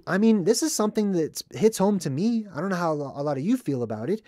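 An earnest man riffing on a movie in a casual commentary style, drawing out the words he wants to stress. His voice sits somewhat high for a man and sounds dry and close, with no room echo. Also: animated, mellow. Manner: earnest, emphatic, drawn-out stresses on key words.

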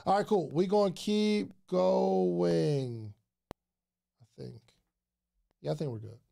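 A man hosting a casual livestream about podcasting, excitable and chatty, often repeating his phrases to the viewers. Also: high voice, slow, gravelly. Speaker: podcast host giving advice.

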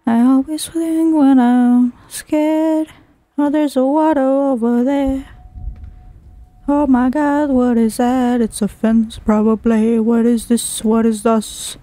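A woman's voice: sits high, fairly even intonation, takes it slowly, warm tone, no echo. A woman playing a horror game, swearing constantly and talking to herself, easily startled. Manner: jumpy, heavily profane, talks to herself. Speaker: game streamer. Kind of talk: horror game let's play commentary.

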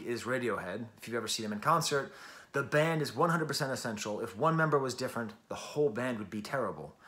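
A man's voice: mid-range voice, fairly bright tone. A man hosting a casual music review, talking enthusiastically and chattily with self-deprecating asides.

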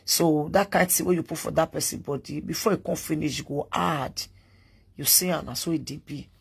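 A woman's voice: low-pitched, fairly quick, gravelly, slightly rough. A woman with a Nigerian accent hosting a live stream, telling a family story to her viewers in casual, chatty talk that drifts between Pidgin and English.

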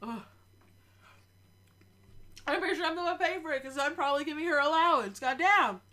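Stuffed-up young woman streamer, animated. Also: high-pitched, fairly quick. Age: young adult. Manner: animated, joking, swears a lot. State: sick and stuffed up. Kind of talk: live game stream with commentary. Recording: faint game music behind.

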